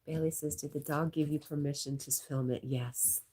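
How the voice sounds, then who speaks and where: A woman with a deep, slightly rough voice hosts a casual livestream at a moderate pace and steady tone. She reads viewer comments aloud, laughs a lot, talks to her dog and sometimes drops into soft murmurs.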